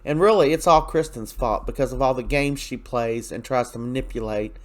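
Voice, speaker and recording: A man's voice: medium pitch, brisk. Chatty man recapping a soap episode. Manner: chatty and opinionated, with frequent fillers and asides. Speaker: soap opera recap host. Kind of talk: casual spoken episode recap.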